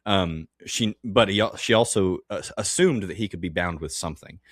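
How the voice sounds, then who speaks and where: A man's voice: low-pitched, moderate pace, no room sound, clean studio sound. A man co-hosting a casual Bible-study podcast. He rambles, stops to restart his sentences, and breaks into laughter often. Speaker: podcast co-host.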